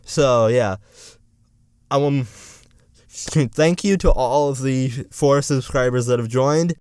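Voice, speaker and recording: Ranting young man, smooth dry voice. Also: mid-range voice, takes it slowly, darkish tone, no echo. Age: young adult. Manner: ranting, profane, sarcastic. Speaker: political vlogger. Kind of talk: rambling political commentary.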